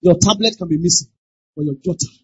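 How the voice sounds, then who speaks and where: A pastor preaching a sermon, emphatic, repeating lines and breaking into shouted exclamations. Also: medium pitch, fast, no echo. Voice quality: very husky. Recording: dull lo-fi dry recording.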